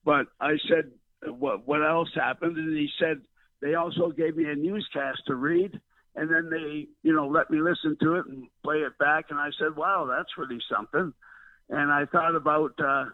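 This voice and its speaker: A man's voice: on the high side, moderate pace, no echo. An older man, a veteran broadcaster reminiscing in a rambling storytelling way, full of fillers and restarts, heard over the phone. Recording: tinny dry phone line.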